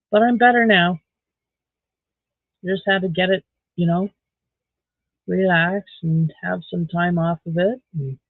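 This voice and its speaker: A woman's voice: on the low side, dry recording. A middle-aged woman, chatting casually on a live stream while crocheting, rambling along with dry sarcastic asides. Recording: dry, tinny phone-like sound.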